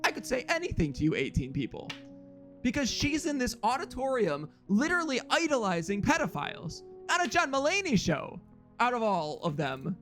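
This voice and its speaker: A man's voice: very high voice, wildly swooping pitch, normal speed, fairly bright tone, soft background music. A man streamer chatting casually and rambling through a story with frequent chuckles.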